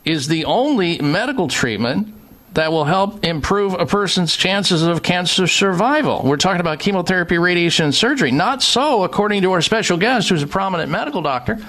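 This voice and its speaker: Radio host guy, kinda high voice, punchy, jumps in on his guest a lot. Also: expressive, fairly quick, a bit bright. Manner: emphatic, with dramatic pitch rises on key words; interrupts the guest to make his own point. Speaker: radio talk show host. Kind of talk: radio interview hosting.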